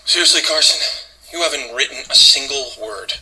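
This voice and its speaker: A man's voice: medium pitch, a little fast, sharp tone, slight background noise, rough recording. An actor playing a stern middle-aged father who lectures his son, disapproving and scolding.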